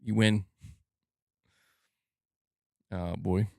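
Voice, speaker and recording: A man's voice: lowish voice, steady tone, drawn-out words, gravelly, mellow, no room sound, studio quality. A man hosting a casual gaming news live stream, rambling and swearing as he reads viewer comments aloud.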